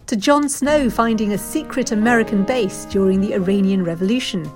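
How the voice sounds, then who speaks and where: A woman podcast host narrating a scripted trailer in a measured, inviting way. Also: mid-range voice. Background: faint music.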